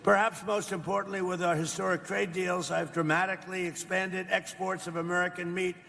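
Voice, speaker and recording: A man's voice: sits high, level tone, a little fast, creaky, pushed and bright. An older man giving a rambling, boastful off-the-cuff speech at a live event, often asking the crowd questions. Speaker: political speaker. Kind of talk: off-the-cuff campaign-style speech. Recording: reverberant hall with faint background ambience.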